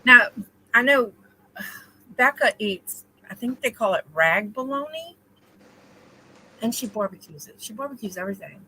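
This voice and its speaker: A woman co-hosting a casual live-stream chat, reading out viewer comments in a relaxed way. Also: a little high, moderate pace, pauses often, slight background noise, rough recording. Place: home.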